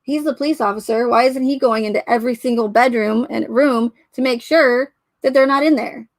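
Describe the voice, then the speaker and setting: A woman with a slightly high voice talks through a case in casual commentary. She sounds skeptical and questioning, often trailing off and starting her sentences over. The recording is dry and close, with no room sound. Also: a little fast, no echo. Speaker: true crime commentator.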